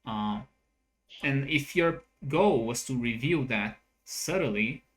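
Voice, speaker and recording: A man's voice: mid-range voice, animated, slow pace, a bit bright. A man in a casual chat, arguing his view in an analytical, point-by-point way. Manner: argumentative, analytical. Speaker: co-host.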